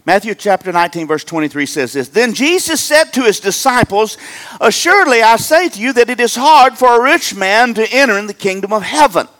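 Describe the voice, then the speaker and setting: Animated joking preacher, high lively voice. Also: male voice, brisk. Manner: animated, joking, swings between loud emphatic and low asides. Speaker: pastor. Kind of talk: humorous sermon.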